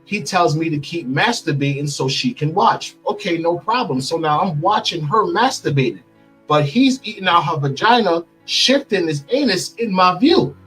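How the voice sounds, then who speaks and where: A man's voice: a little high, animated, moderate pace, fairly bright tone, faint music behind, rough recording. A middle-aged man giving a candid interview, bluntly retelling events and acting out what others said. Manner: blunt, vivid retelling with quoted dialogue. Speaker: interview guest telling his story.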